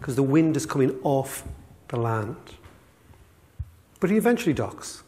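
A man in his fifties with an Irish accent, giving a storytelling talk to an audience with lively asides. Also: mid-range voice, measured pace, long reverb tail. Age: 50s. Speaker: speaker. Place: school hall on stage.

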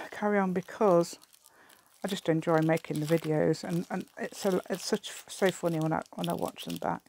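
Middle-aged woman, slightly low voice, rambling craft-video chatter with laughs and mumbled asides. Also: a little mellow. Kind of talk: casual chat while crafting.

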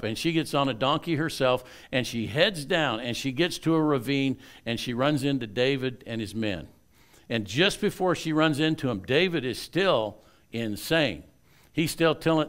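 A male pastor preaching a sermon, retelling a Bible story with lively swings between loud and hushed delivery and chatty asides to the congregation. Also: mid-range voice.

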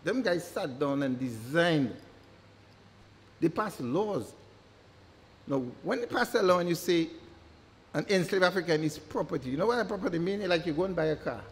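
A man delivers a public lecture in a fairly high voice. He speaks emphatically and leans on repeated words to drive his points home. His voice carries a long reverb, as if it were recorded in a large hall. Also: animated, moderate pace, long pauses.

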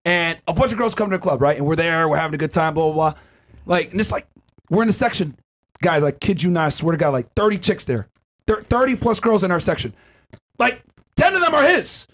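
Hoarse podcast guy with a high voice, telling a wild story all hyped up, cursing a lot. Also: a little fast. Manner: animated, excitable, swears freely. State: hoarse from cigars. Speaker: podcast host. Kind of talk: casual storytelling.

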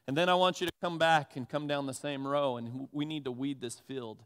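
A man voicing his stern but loving old farmer grandfather, speaking low, hushed and firm. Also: fairly even intonation, fairly quick, smooth, in a large hall, lightly acted. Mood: instructing.

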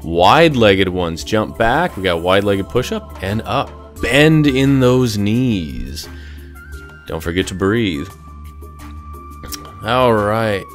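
A man's voice: fairly low pitch, fairly bright tone. A man coaching a burpee workout in an upbeat, jokey way, sometimes out of breath. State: out of breath at times. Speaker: fitness instructor. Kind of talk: workout instruction.

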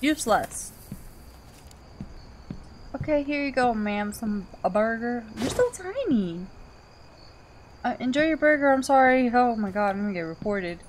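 A woman giving casual commentary on a horror game she is playing. She swings from quiet mutters to shrieks and laughs often. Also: on the high side, expressive, a little slow, long pauses, slight background noise. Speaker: gaming channel host.

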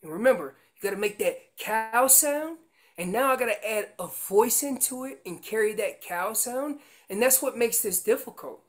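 A man's voice: high-pitched, animated, normal speed. A man explaining how to make an elk call, teaching in an earnest way and often repeating words as he goes. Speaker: elk calling instructor.

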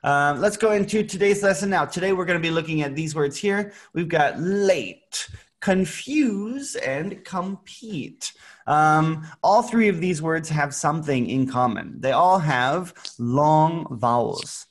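A man gives an English lesson to young learners over a video call. He talks at a very unhurried pace, spelling out sounds with patience. Now and then he breaks into playful sound effects. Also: a little high, lively intonation. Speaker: English teacher. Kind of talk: online English lesson for children.

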